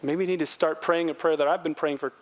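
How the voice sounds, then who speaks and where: A middle-aged man preaching a sermon as pastor, animated, acting out quotes in a raised voice and dropping low and quiet on earnest points. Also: fast talker.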